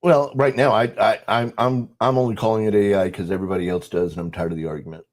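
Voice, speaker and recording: An older man and podcast guest, explaining in a measured way that often trails off softly. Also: on the low side, fairly even intonation. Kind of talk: casual podcast conversation.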